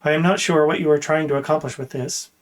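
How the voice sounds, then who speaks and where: A man voicing a patient guard captain, speaking in a flat, measured, unhurried way. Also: on the high side, lightly acted. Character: calm, patient male guard captain, coolly stern.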